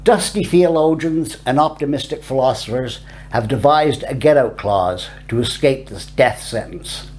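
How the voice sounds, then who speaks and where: A man's voice: medium pitch, unhurried, a little mellow, a little hiss or hum. A man giving scripted narration of a reflective essay in a wry, darkly humorous manner.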